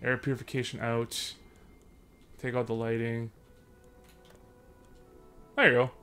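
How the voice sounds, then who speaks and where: Young dude doing horror game commentary, jokey, swears and panics a lot. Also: male voice, medium pitch, little pitch movement, unhurried, fairly bright tone, faint music behind. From Sudbury, Canada. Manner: jokey, swears, panics and yelps when scared. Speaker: let's play host.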